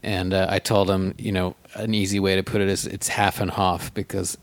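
A man with a low voice who tells anecdotes in casual podcast chat, with a wry, dry humor. The sound is close and dry. He grew up in South Africa. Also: flat delivery, normal speed, no echo. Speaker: podcast co-host, band member.

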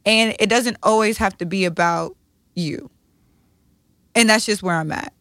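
A woman's voice: mid-range voice, unhurried, a bit bright, no echo. Blunt, profane woman podcaster, dry close mic. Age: 30s. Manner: blunt, profane, emotional and confessional. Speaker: podcast co-host. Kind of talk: candid podcast conversation.

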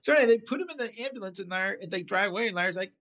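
A man chatting casually on a podcast, retelling a TV episode and acting out the characters' lines with big jumps in pitch. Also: racing, highs cut off. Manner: animated storyteller, acts out quotes with pitch jumps.

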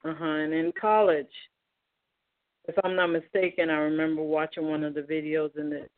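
A woman host and minister interviewing a guest on a faith talk show, affirming and asking slow-building questions. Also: low voice, no room sound. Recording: dry, tinny phone line.

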